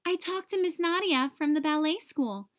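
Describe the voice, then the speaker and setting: A woman doing a gentle encouraging mom. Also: extremely high pitch, normal speed, no room sound, clean studio sound, pitched above the performer's own voice. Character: kind, supportive mother.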